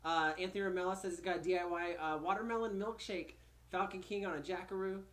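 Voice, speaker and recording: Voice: mid-range voice, steady tone, quick pace, fairly bright tone. A host of a casual podcast reading out live chat messages in an easygoing way. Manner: easygoing, greeting viewers by name.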